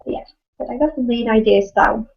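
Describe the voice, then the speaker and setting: A woman's voice: a little high, normal speed, vocal fry. Woman guest, plain short answers, muffled video-call sound. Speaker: guest cosplayer. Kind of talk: casual interview over a video call. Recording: dull lo-fi call audio.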